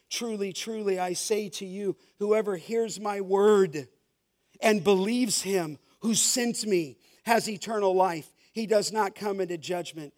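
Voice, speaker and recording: A male pastor preaching a sermon, reading scripture slowly and pausing to ask the congregation to finish the verses. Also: high-pitched, darkish tone. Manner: emphatic preaching, reads scripture slowly, asks the congregation rhetorical questions.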